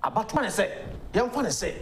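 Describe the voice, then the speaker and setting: A man's voice: high voice, big pitch swings, fast, gravelly, slight background noise. Man, Ghanaian accent, legal guest, emphatic, argumentative, political talk show.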